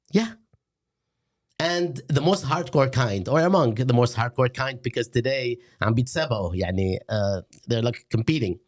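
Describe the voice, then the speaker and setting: A middle-aged man, hosting a satirical lecture in a deadpan, sarcastic manner. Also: mid-range voice. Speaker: host.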